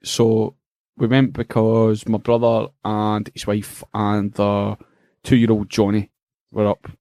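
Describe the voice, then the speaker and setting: A middle-aged Scottish man co-hosting a podcast, telling a funny story in an animated, profane way and laughing as he goes. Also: fairly low pitch, slow pace, no echo, studio quality. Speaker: podcast co-host. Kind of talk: casual storytelling chat.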